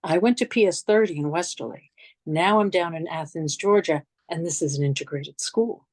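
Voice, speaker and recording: A middle-aged woman from New York City, with a New York accent, gives a memorial lecture as reflective, conversational personal storytelling alongside slides, often restarting and going off on asides. Her voice is fairly low-pitched and darkish, with no echo.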